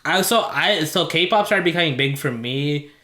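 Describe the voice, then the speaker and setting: A young man co-hosting a casual podcast, his voice sitting a little high for a man. He rambles and gets animated as he tells stories, swearing freely along the way. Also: moderate pace, reverberant. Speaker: podcast co-host. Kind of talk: casual chat.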